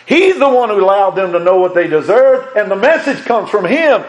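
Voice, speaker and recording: Fervent preacher, high voice. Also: male voice, sing-song, normal speed, poor audio. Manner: fervent, emphatic, repeats words, swings between raised and hushed delivery. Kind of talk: sermon.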